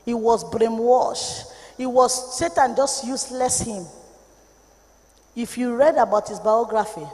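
A woman with a Nigerian accent preaching an impassioned sermon, moving from low warnings to shouted rebukes. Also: unhurried, in a large hall.

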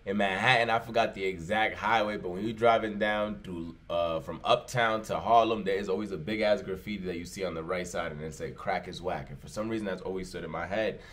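A man's voice: lowish voice, a little fast, a bit bright. A man hosting a reaction video, joking in slang, laughing often and imitating people. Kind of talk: casual reaction commentary.

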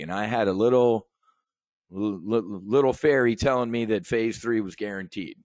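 A trading educator and host delivers an animated sales-pitch monologue, telling trading stories in a brash, swaggering, profane style and speaking directly to the audience. His voice is on the low side and a little fast, with no room sound.

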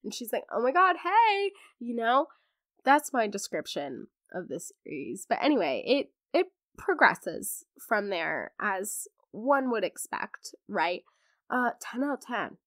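A young woman hosting a podcast, chatting excitedly about books in a casual, gushing way, her voice hoarse from laryngitis. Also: mid-range voice, a little slow, no echo, studio quality. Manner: gushing, animated, acts out characters in quotes. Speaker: podcast host. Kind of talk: casual book chat.

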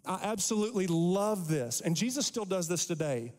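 A man pastor preaching a sermon, animated, acting out the quotes from scripture. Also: sits high, moderate pace. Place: church sanctuary. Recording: long hall reverb.

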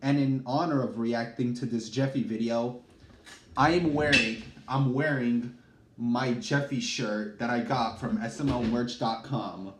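A man hosting a casual YouTube reaction in hyped, slangy talk, with an unhurried pace. The room is echoey and there is a faint hiss behind him. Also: medium pitch, fairly even intonation.

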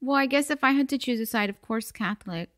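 A woman's voice: on the high side, quick pace, no echo, studio quality. An American woman co-hosting a podcast in casual chat, laughing often and swearing lightly. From United States. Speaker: podcast co-host.

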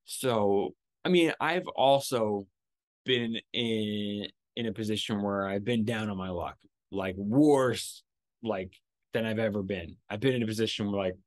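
A man hosting his own podcast, telling a story in a casual, animated and profane way, acting out what people said. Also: lowish voice, a little slow, dry recording, clean studio sound. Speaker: podcast host.

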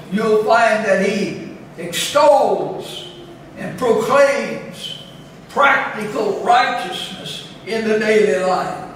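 A high-pitched man delivers a sermon at a slow, measured pace, leaning into scripture quotations with rising emphasis. He sounds distant from the mic, his voice ringing through a very echoey chapel with faint room noise behind. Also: fairly bright tone. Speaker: pastor. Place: church chapel.

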